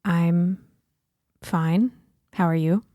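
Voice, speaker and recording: A woman's voice: lowish voice, fairly even intonation, extremely slow, mellow, no echo. A woman playing a tabletop game who describes her character's actions in a dry, matter-of-fact way. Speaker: player. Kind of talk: tabletop role-play, narrating her character.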